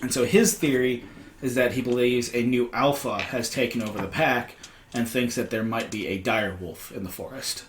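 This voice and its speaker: A man's voice: medium pitch, fairly even intonation, moderate pace. A man acting as game master, walking his friends back through a session in a loose, rambling way. He circles back and restarts often as he describes each scene. An echoey room and a faint hiss sit behind him. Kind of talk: casual recap narration. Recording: roomy echo with faint noise.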